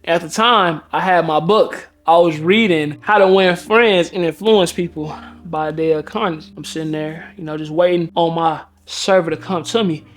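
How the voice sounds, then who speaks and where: A man's voice: fairly high pitch, steady tone, moderate pace. A man, a dating coach, telling a personal story in a slangy, laid-back way that breaks into laughing outbursts. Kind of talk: casual storytime monologue.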